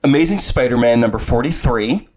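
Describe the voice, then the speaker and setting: A man from New Jersey co-hosting a casual podcast, telling stories with lively swings in delivery. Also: medium pitch, a little fast. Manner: animated storyteller, big swings for quoted lines. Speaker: podcast co-host. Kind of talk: casual chat.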